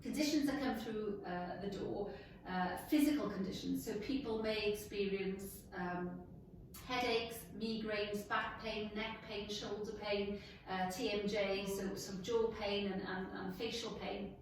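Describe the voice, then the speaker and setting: A woman co-hosting a casual live wellness chat from a clinic. She explains things and lists them in quick runs. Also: mid-range voice, a little hiss or hum. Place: clinic room. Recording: echoey room, voice from a distance.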